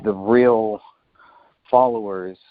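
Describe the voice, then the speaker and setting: Low-voiced male host, dry dull sound. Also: steady tone, dry recording. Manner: halting, repeats words, thinks aloud. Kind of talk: casual conversation.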